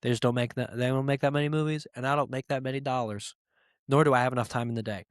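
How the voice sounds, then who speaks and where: A man's voice: mid-range voice, fairly even intonation, quick pace, clear, resonant tone, no room sound, clean studio sound. A man hosting his own podcast, ranting comically and profanely about a rude moviegoer, mocking people in quoted voices. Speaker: podcast host. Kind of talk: solo comedic rant.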